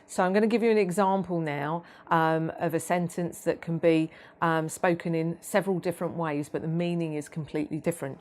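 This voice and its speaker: A woman giving a training talk about autism, measured and explanatory, with frequent ums and restarts. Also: sits low, steady tone.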